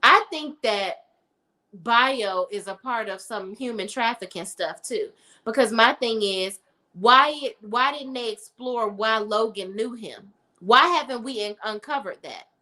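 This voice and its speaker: A sassy young woman chats to her viewers in a casual, opinionated TV review. Her voice sits a little high and has a sharp, bright edge. She talks in an animated way. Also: a little slow. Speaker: TV show reviewer.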